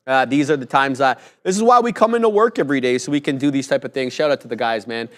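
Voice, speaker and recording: A man's voice: mid-range voice, fast talker. Laid-back jokey male co-host. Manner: laid-back, jokey, enthusiastic shout-outs. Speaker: stream co-host. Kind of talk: live trading stream chat.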